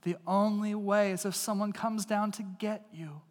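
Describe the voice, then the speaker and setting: A man preaches with earnest conviction, pressing his points hard and then dropping to a hush. His voice sits high for a man. It carries a long reverb that fills a large church. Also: fairly even intonation, normal speed. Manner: earnest, swings from loud emphasis to hushed intimacy. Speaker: pastor. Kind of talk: sermon. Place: church sanctuary.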